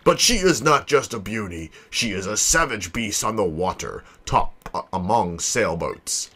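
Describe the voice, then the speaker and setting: A man voicing a pompous, flamboyant ship captain who boasts in a grandiose, drawn-out way. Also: on the low side, lively intonation, sharp tone, husky, exaggerated voice.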